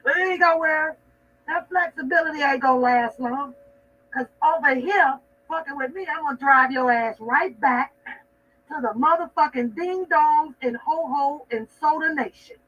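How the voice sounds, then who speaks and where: A woman with a high, slightly bright voice hosts a livestream at a moderate pace, ranting casually with mockery, rambling and profanity. She's recorded from a distance, off-mic, giving a dull lo-fi sound.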